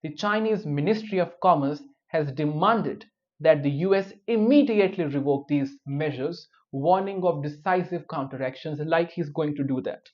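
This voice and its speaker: A man's voice: a little high, moderate pace. A man giving news commentary, dropping wry, opinionated personal asides between the reports. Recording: dull lo-fi recording.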